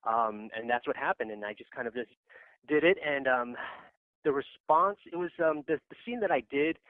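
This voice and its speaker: A man tells a story as a podcast guest, loose and chatty, with many fillers and laughter breaking in. His voice sits at an ordinary pitch. The sound is narrow and dry, as if heard over a phone line. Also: moderate pace, no room sound. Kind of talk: casual anecdote.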